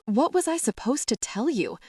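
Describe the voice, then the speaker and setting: A woman's voice: a little high, very animated, moderate pace, mellow, husky, dry recording, studio quality, voice pushed up, heavily acted. A woman reading the lines of an anguished young man confessing old trauma, in a strained, choked voice. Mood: bitter. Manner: strained, choked, hissing delivery. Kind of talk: audiobook character reading.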